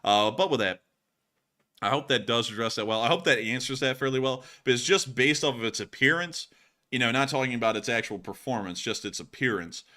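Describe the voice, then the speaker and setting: A man hosting a casual livestream, thanking donors, with an animated, jokey manner. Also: medium pitch, fairly quick. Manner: animated, bursts into loud goofy shouts and laughs. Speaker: livestream host. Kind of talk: casual livestream chat reading donations.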